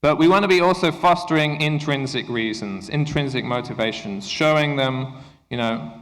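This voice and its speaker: A man giving a conference workshop to English teachers, talking to the room in an engaging way and often checking in with a quick "okay?". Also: medium pitch, fairly bright tone. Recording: echoey hall reverb.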